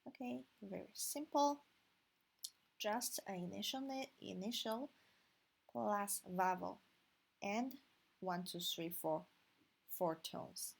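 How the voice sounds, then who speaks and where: A woman's voice: medium pitch, slow pace, vocal fry, long pauses, slightly rough, rough recording. A woman with a Chinese accent teaching a language lesson online, patient and explaining step by step with frequent "okay". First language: Mandarin Chinese.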